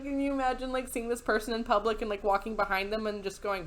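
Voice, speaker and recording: A woman's voice: on the high side, flat delivery, quick pace, few pauses. Sarcastic woman laughing through commentary. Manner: sarcastic and incredulous, laughs often. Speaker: YouTube commentator. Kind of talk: casual reaction commentary.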